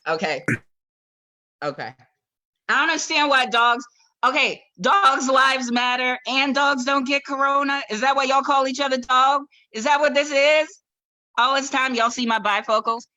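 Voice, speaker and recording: A woman's voice: sits high, moderate pace, bright, forceful tone, lo-fi sound. A woman hosting a comedy live stream, bantering loosely between acts. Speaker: comedy show host.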